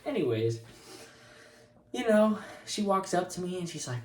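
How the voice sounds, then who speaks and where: A young man in his twenties telling a story to camera in a casual, animated, self-mocking way, laughing often. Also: high voice, moderate pace. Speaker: co-host of a couple's channel. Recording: roomy sound, mic a bit far.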